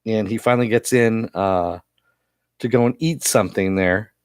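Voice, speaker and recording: A man recaps a TV episode in a casual, rambling way, with a fairly low voice. He has a cough that keeps breaking through, and the sound is dry and close. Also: moderate pace, clean tone, dry recording. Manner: rambling with many fillers. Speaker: TV episode reviewer.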